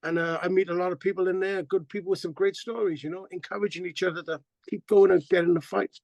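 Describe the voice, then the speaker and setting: Middle-aged man, high voice, dry close sound, animated profane storyteller. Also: quick pace, vocal fry, no room sound, highs cut off. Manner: animated, profane, acts out quotes. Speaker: band singer, interview guest. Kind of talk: casual interview storytelling.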